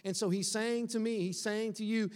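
High-voiced man preaching in a big hall. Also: normal speed. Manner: conversational, animated preaching with acted-out quotes. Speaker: pastor. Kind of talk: sermon. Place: church sanctuary. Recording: long hall reverb.

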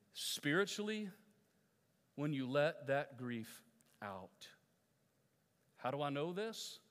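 A man's voice: fairly high pitch, fairly bright tone. A male pastor preaching a sermon to his congregation, putting questions to the listeners and repeating his phrases. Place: church sanctuary. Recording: long reverb of a church hall.

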